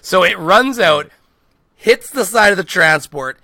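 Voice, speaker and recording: Man, bright forceful voice, dry close sound, animated storyteller, casual podcast chat. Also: high voice, unhurried, creaky, no echo. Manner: animated, swearing, laughing storyteller. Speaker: podcast co-host.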